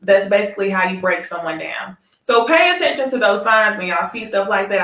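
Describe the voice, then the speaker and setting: A woman's voice: medium pitch, fairly bright tone, roomy sound, distant mic. A woman hosting a casual live recap of a reality dating show, chatting straight to her viewers and laughing often. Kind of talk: casual live review chat.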